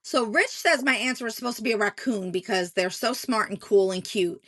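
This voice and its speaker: A woman co-host speaks in a somewhat high voice, thoughtful and halting, often doubling words as she begins. The sound is dry and close. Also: pushed and bright, dry recording. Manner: thoughtful, repeats words when starting sentences. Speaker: podcast co-host. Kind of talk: casual chat.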